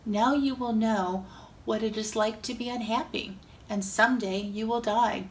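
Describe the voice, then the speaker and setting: A woman voicing God in a children's Bible story, calling out and speaking gravely. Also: on the high side, steady tone, normal speed, a little hiss or hum, natural voice, poor audio. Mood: stern. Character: God, calm, stern creator.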